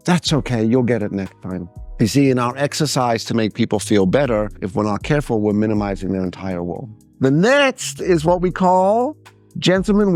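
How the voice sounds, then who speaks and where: A middle-aged man giving a seminar talk, lively and animated, acting out anecdotes and mimicking other people's voices. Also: medium pitch. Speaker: speaker.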